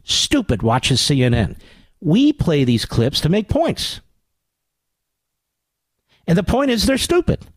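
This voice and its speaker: Animated, combative radio host man. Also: fairly high pitch, slow, long pauses, no room sound. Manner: sarcastic, indignant, rising to loud rhetorical questions. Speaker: radio talk show host. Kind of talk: combative political commentary.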